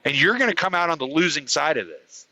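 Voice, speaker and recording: A man rants in heated, profanity-laced bursts, his voice sitting high with a sharp, bright edge. The sound is dry and close, with no room around it. He talks like a host venting straight to his listeners. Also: very animated, fast, no room sound, poor audio. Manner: furious, profane, heated ranting. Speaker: podcast host. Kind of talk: angry ranting monologue.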